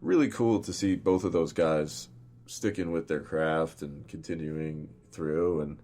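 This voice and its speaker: A film director talking in a casual interview, rambling and swearing freely, with lots of fillers. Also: male voice, extremely low pitch, a little slow, mellow. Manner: rambling and profane, full of fillers.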